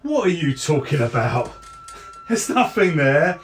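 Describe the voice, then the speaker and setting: A man's voice: on the high side, very animated, measured pace, distant mic, a little hiss or hum, pitched above the performer's own voice. A man voicing a suspicious, crude male city guard who grumbles about his post. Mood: grumbling. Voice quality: gruff, swearing.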